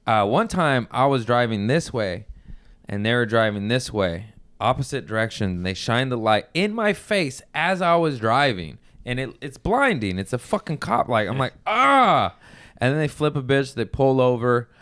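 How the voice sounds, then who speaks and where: Male podcast host, smooth voice, dry close sound, rambling casual storyteller. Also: mid-range voice, lively intonation, moderate pace, fairly bright tone, no room sound. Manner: loose, rambling storytelling with laughs and restarts. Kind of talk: casual chat.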